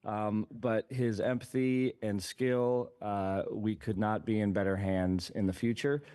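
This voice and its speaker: A man with a fairly low voice gives remarks at a university board meeting. He talks in a halting way, full of fillers, and he teases with heavy sarcasm. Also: steady tone, warm tone, clean tone. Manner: joking, teasing, with many fillers. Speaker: university regent.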